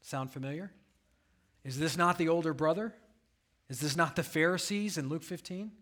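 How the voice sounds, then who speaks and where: Man, pastor, sermon, slightly high pitch, rhetorical questions, scripture reading. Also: normal speed, fairly bright tone.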